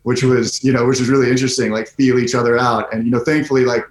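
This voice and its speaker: A man's voice: mid-range voice, fairly even intonation, fast. A man from Southern California talking easygoingly as a guest on a video call, with many "like"s and "you know"s. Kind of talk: casual chat over a video call. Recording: roomy video call audio.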